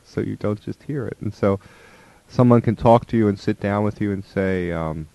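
A man's voice: lowish voice, moderate pace, vocal fry, mellow, no echo, highs cut off. A man giving a conversational spiritual talk about relationships, slipping into the voices of the people in his stories. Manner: conversational, acts out quoted voices.

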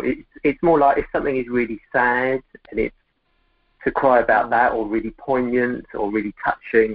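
A male caller on a thin, phone-like line, feeling his way through each sentence in stops and restarts. His pitch sits in an ordinary middle range. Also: no echo. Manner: hesitant, halting, many restarts. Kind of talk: call-in conversation.

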